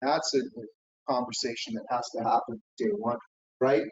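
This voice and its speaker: A middle-aged man delivers a conference keynote like a coach, frequently tossing in "right?" and "okay?". He speaks at normal speed with a medium pitch and steady tone. The recording is dull and lo-fi, with the hall's echo.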